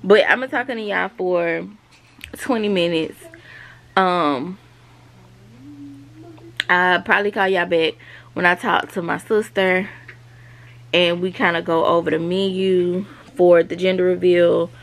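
Speaking at a measured pace with long pauses, this South Carolina vlogger and mom in her thirties chats to camera in a relaxed, confiding way. Her voice is fairly low and her intonation fairly even.

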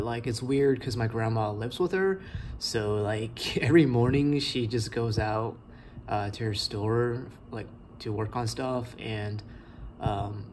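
A young adult man vlogging a personal story, talking in a halting way full of likes and ums. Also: medium pitch, a little mellow, slight background noise.

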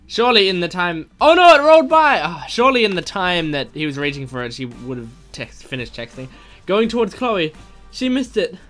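Guy reading a creepy text story out loud, kinda high voice, gets all worked up, little music under it. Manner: excitable, gasps and exclaims at twists. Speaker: gaming video host. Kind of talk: reading a text story aloud with live reactions.

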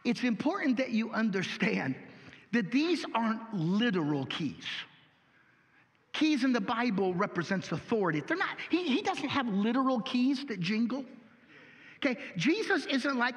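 Folksy pastor guy preaching, very high voice, bouncy pitch. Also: normal speed, long reverb tail. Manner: animated, folksy, rhetorical questions. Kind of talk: sermon.

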